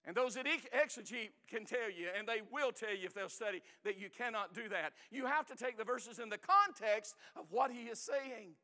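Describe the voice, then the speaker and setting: A man preaching a sermon as pastor, emphatic, with rising bursts and slowed, stressed phrases. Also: sits high, lively intonation, sharp tone, in a large hall.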